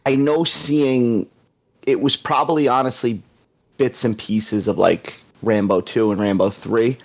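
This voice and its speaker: A man with a New York accent from Staten Island talks casually as a podcast guest. His voice sits at an ordinary middle pitch. He laughs easily and slips into quick impressions. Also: steady tone. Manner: laughs often, drops into movie-star impressions. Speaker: guest co-host.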